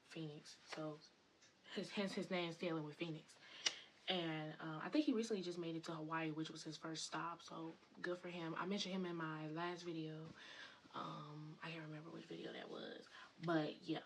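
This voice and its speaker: A woman's voice: on the low side, slight background noise, low-quality recording. A woman spiritual content creator in a casual, rambling vlog monologue, full of fillers and enthusiasm.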